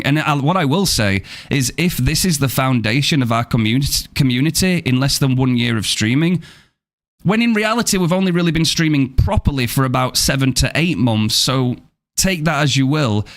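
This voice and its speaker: A man chatting casually with his viewers on a live game stream, upbeat and thankful as he answers the chat. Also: mid-range voice.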